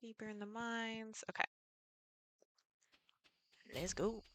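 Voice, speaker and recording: A woman's voice: on the high side, fairly even intonation, takes it slowly, a bit bright, dry recording. A woman live streamer chatting casually with viewers while playing a farming game, thinking aloud and greeting people in the chat.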